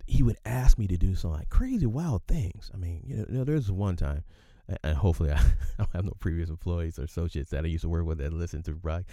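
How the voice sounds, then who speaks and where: A man's voice: deep voice, warm tone, dry recording, clean studio sound. A man in his fifties telling a casual work story as a podcast host, chatty and often checking in with his listeners.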